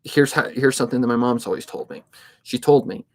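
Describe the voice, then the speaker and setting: A man in his twenties chats casually on a livestream at an ordinary middle pitch, talking a little fast in a steady, somewhat monotone manner. He rambles and thinks aloud with plenty of fillers, like someone who narrates fan readings.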